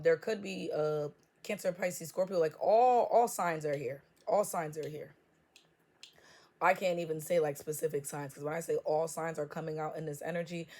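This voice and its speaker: A woman's voice: deep voice, fairly even intonation, moderate pace, dark tone. Blunt, profane woman reading tarot. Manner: blunt, profane, joking trash talk. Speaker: tarot reader. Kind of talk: casual tarot reading to camera.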